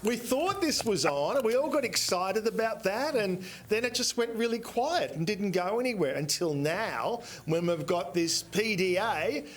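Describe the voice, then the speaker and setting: A man's voice: sits high, lively intonation, normal speed, few pauses, slight background noise. A man who is an entertainment editor, chatting enthusiastically on a morning TV entertainment segment.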